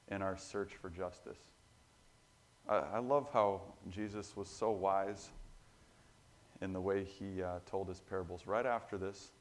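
Earnest lowish-voiced male preacher. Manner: earnest, emphatic, swells louder on key points. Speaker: pastor. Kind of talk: sermon.

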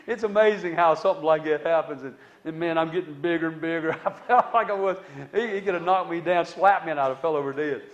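A man telling a personal testimony story in a conversational way, with dramatic swings between loud and hushed delivery and many asides to the listener. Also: fairly high pitch, fairly quick, highs cut off.

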